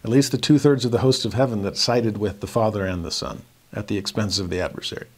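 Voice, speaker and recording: A man's voice: on the low side, quick pace. A man teaching a scripture lesson in an earnest, explanatory way, raising his voice when he acts out quoted students. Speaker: religion teacher.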